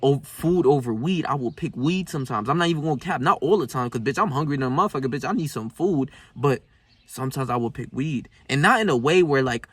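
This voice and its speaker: A man's voice: medium pitch, fast talker, slightly rough, dry recording. Slangy, profane young man telling stories. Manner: slangy, profane, animated, shouts in bursts. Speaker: vlogger. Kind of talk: casual storytelling monologue.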